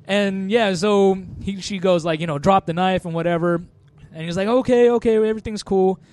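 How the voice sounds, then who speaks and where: A man's voice: sits high, level tone, measured pace, darkish tone. A man on a podcast casually recapping a movie, rambling with lots of fillers and frequent laughter. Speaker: podcast co-host.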